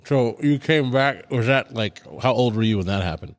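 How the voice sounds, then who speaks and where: A man's voice: medium pitch, moderate pace, dry recording. A man hosting a podcast, asking short questions and cheering his guest on in casual chat. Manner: brief encouraging backchannels and questions. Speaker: podcast host.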